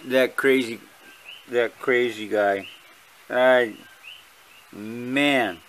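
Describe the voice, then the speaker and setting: Hawaiian man, home vlog monologue, unhurried and bright-toned, blunt and swearing freely. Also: medium pitch. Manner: rambling, blunt and profane. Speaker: vlogger. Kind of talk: casual rambling monologue. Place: at home with his dogs.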